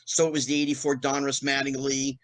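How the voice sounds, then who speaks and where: A man in his fifties from New Jersey, a guest in an interview, telling a fast anecdote and acting out the quotes with big jumps in pitch. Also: completely flat delivery, no room sound. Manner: fast storytelling with acted-out quotes, rising pitch on punchlines. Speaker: guest, former child actor.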